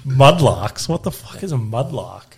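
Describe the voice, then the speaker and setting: A man's voice: mid-range voice, measured pace. A young Australian man co-hosting a podcast, telling rambling stories with lots of swearing and laughter. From Queensland, Australia. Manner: swears freely, laughs through animated stories. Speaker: podcast co-host. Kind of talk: casual chat.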